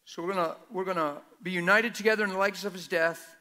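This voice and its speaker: A man's voice: sits high, fairly even intonation, fast, bright, forceful tone. A man preaching a sermon who reads scripture aloud and keeps quizzing the congregation with questions in an emphatic way.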